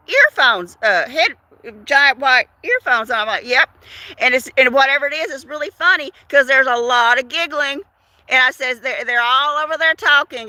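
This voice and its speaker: Chatty woman, bright and high. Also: no room sound. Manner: chatty, animated, repeats words for effect. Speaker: livestream host chatting with viewers. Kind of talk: casual livestream chat, storytelling.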